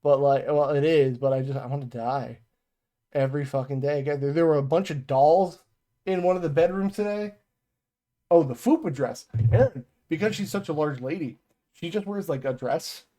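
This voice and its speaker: Co-hosting a podcast from home, a man with a fairly high, mellow voice tells rambling, profane stories about his workday at a moderate pace. He keeps losing his train of thought in this casual storytelling chat.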